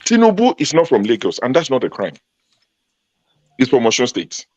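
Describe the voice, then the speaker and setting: A man's voice: mid-range voice, wildly swooping pitch, moderate pace, darkish tone, dry recording. A man from Ogun State in Nigeria, a panel guest arguing emphatically in a heated debate and repeating his points for force. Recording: dull lo-fi sound.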